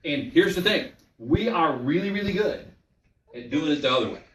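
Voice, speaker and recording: A man's voice: on the high side, expressive, moderate pace, echoey room, far from the mic, rough recording. A male pastor delivering a sermon, telling a story and putting questions to the congregation.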